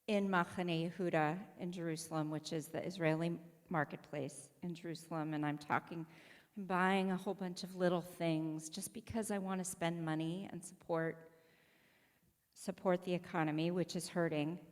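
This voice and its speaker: The long reverb of a large hall fills this recording from a synagogue sanctuary, where a woman rabbi preaches through conversational personal storytelling. She has a lowish voice with fairly even intonation and a moderate pace, and she acts out the voices of people she quotes.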